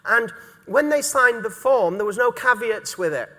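A man's voice: very high voice, animated, moderate pace, pushed and bright, big-room sound. A middle-aged man from England, preaching a sermon earnestly and repeating key words for emphasis. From North East England. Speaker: pastor.

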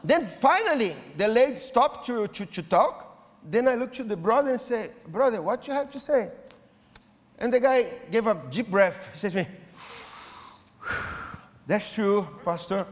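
A man preaches as a pastor in a fairly high voice, his full of restarts. He swings between loud, pressing lines and hushed ones. The sound carries a long reverb, as in a large hall. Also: animated, normal speed. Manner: non-native English with repeated restarts, swinging between loud and soft. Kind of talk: sermon.

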